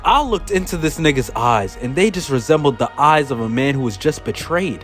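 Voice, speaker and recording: Animated young man telling a comic story. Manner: casual, animated, slangy delivery with big pitch swings. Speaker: storyteller, channel host. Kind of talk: comedic animated storytime narration.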